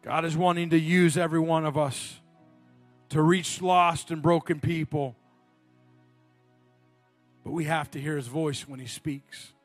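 A man's voice: on the high side, fairly even intonation, unhurried, pauses often, dry recording, soft background music. A man preaching a sermon, telling a personal story and building to passionate appeals.

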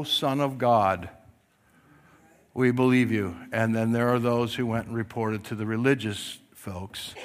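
A middle-aged man preaching a sermon, telling the story with animated delivery that swings from loud to hushed and acting out voices. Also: medium pitch. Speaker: pastor.

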